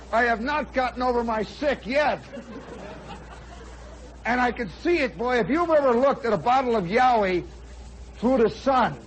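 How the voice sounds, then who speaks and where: A man in his forties, a radio host telling a comic personal story in an animated way, now and then shouting for effect. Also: extremely high pitch, rough recording. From United States. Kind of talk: spoken storytelling monologue. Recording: old radio broadcast with faint crowd and noise.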